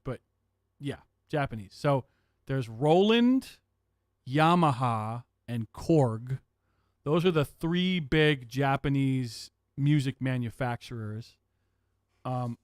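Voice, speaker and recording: A man hosting a livestream, chatting casually with viewers in an excitable, profane way and laughing often. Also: medium pitch, dry recording, clean studio sound. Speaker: livestream host.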